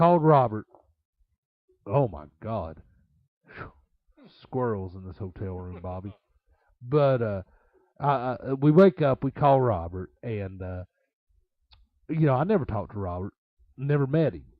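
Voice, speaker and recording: This former wrestler, appearing as an interview guest, rambles through road stories packed with fillers and laughter. His voice is medium-pitched and expressive at a normal speed, recorded dry, and the audio sounds dull and lo-fi.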